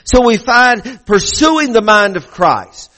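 High-voiced man preaching a sermon. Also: expressive, slow pace, bright, forceful tone, poor audio. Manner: conversational, with frequent restarts and repeated phrases. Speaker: pastor.

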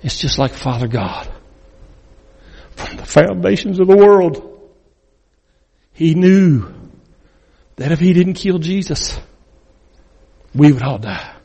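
Husky preacher telling a dramatic story. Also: male voice, fairly high pitch, expressive, slow, long pauses. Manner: dramatic, swinging between loud and hushed. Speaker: guest preacher. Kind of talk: sermon storytelling. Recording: long reverb in a large hall.

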